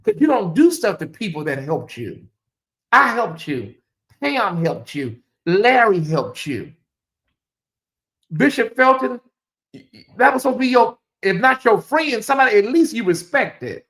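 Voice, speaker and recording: A woman's voice: a little high, very animated, a little slow, fairly bright tone. A woman hosting a livestream commentary show, talking bluntly and preachily to her viewers and swearing freely. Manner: addresses viewers directly. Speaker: commentary channel host.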